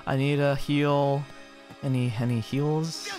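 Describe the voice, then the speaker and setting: A man's voice: mid-range voice, wildly swooping pitch, moderate pace, faint music behind. A man streaming a horror game with friends, joking and muttering to himself. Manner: playful, jokey, mutters to himself. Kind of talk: casual gaming chat with friends.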